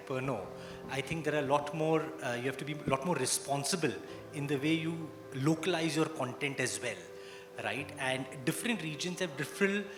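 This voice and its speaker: A man moderates a conference panel, steering it with probing questions. His voice sits fairly high, echoing in a roomy space. Clear music plays behind him. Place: conference hall. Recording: echoey hall with music.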